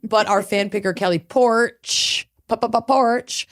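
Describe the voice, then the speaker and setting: A woman's voice: lively intonation, slow pace. A woman co-hosting a casual podcast, drawling and playful, a bit tipsy. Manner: drawling, playful, swings up and down in pitch. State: tipsy and high. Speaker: podcast co-host. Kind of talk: casual chat.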